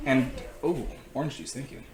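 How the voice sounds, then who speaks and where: A young man, a father, telling a lively anecdote in a casual chat and acting out his small son's questions. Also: mid-range voice, normal speed. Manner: animated anecdote-telling, acts out a child's questions. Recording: roomy sound with crowd chatter.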